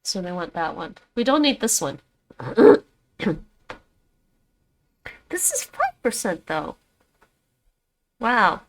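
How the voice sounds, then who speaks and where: A woman whose first language is Dutch chats with her livestream viewers, leisurely and unhurried. She speaks at a mid pitch into a desk microphone from home and often reads text aloud. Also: big pitch swings, a little hiss or hum. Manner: chatty, talks to her chat by name, reads aloud. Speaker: streamer learning languages. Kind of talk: casual livestream chat.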